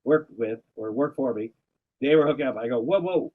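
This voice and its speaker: A man's voice: mid-range voice, fairly quick, narrow, tinny audio. A man hosting a podcast in casual chat, rambling through his own stories, breaking off mid-sentence and restarting, swearing now and then. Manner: rambling, self-interrupting storyteller, swears casually. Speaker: podcast host.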